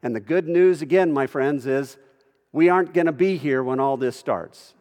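A man's voice: on the high side, moderate pace, a little mellow. A man preaching a sermon to his congregation, speaking in a folksy way and asking them rhetorical questions. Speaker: pastor. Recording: long reverb of a large hall.

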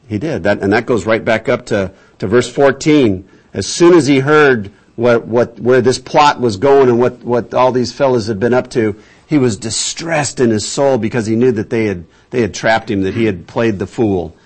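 A man's voice: mid-range voice, moderate pace, darkish tone. A man teaching from the Bible in a conversational sermon, with a folksy, chatty storytelling manner and mid-range voice. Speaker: pastor.

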